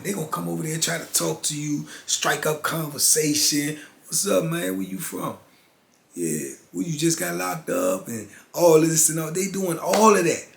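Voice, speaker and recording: An older man talking casually and emphatically in street slang, repeating phrases for rhythm, as the host of his channel. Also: mid-range voice. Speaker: channel host, former prisoner. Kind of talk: casual storytelling monologue. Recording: echoey room with faint noise.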